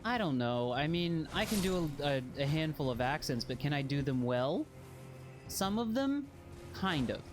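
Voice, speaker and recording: A man's voice: fairly high pitch, sing-song, normal speed, soft background music. Self-deprecating man streaming a game. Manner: rambling, self-deprecating, jokey. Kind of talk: casual gameplay chat.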